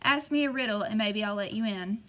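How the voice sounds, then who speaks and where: A woman voicing a mean old backwoods woman with a harsh, shrill voice and a scolding rural drawl. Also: a little fast, bright, forceful tone, natural voice. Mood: demanding.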